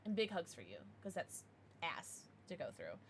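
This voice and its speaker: Bubbly, lively woman streamer. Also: lowish voice, normal speed, slightly rough. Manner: bubbly, laughs often, reacts to chat. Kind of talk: casual livestream chat.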